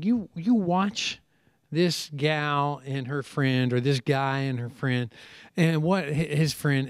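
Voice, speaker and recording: A middle-aged man, a preacher speaking on a conference panel, telling stories in a lively way and acting out what other people say. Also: fairly high pitch, no echo, studio quality. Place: conference seminar session.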